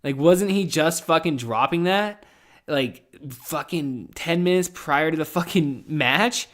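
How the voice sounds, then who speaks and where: A young man with a slightly higher-than-usual voice hosts a casual podcast recap. He rambles through the week, swearing freely and mocking himself as he goes. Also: slow pace, fairly bright tone. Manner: rambling, profane, self-mocking. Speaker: podcast host.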